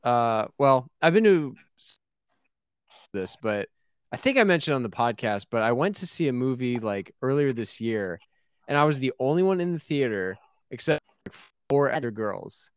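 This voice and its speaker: A man's voice: medium pitch, animated, moderate pace, clear, resonant tone, no echo, clean studio sound. A man co-hosting a casual podcast, talking hesitantly and self-effacingly, with many restarts. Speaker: podcast co-host. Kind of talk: casual chat.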